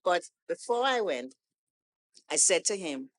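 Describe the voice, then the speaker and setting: A woman guest on a podcast, telling a story in a casual, animated way and acting out the lines of the people in it. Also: fairly low pitch, measured pace. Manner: animated storytelling, acts out quoted dialogue. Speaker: guest poet.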